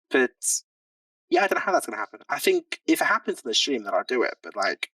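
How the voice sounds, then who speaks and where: A man chats casually on a podcast as a guest, self-deprecating and full of likes and ums. His voice sits at a middle pitch. He sounds a little back from the mic in a dry room. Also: huge pitch swings, racing, gravelly, sharp tone, no echo, far from the mic, poor audio. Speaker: tabletop game player and podcast guest.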